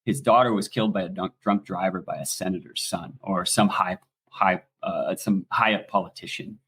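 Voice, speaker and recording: In his forties and from the United States, this man has an American accent and a somewhat low voice, and he tells stories casually and with animation while swearing freely. He sounds like a podcast guest, talking at a moderate pace over slight background noise.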